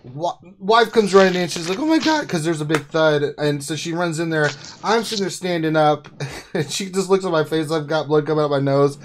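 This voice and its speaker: A man hosting a casual livestream chat, telling stories in an excitable way and laughing often. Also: a little high, a little fast, a little hiss or hum. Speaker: host.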